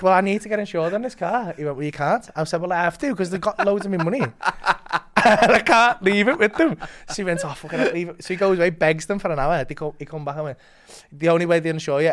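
Comedian guest, higher pitch, sweary animated storyteller. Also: male voice, fast talker. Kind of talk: casual anecdote with quoted voices.

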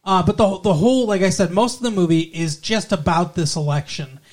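A young man with a notably high-pitched voice chats casually about a film. His talk rambles, full of fillers, false starts and self-corrections. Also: brisk. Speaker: podcast co-host reviewing a film. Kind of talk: casual conversation.

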